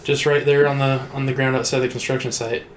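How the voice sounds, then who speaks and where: A man's voice: mid-range voice, quick pace, a little hiss or hum. Rambling male podcast storyteller, echoey room. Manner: rambling, animated storyteller, lots of "like". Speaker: podcast co-host. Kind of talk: casual storytelling. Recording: roomy echo.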